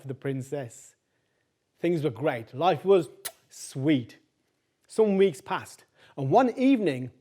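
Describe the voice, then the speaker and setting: A man telling a folk tale aloud in a chatty, animated way, talking straight to his listeners and repeating phrases for rhythm. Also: on the high side. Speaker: storyteller. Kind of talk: oral folk-tale storytelling.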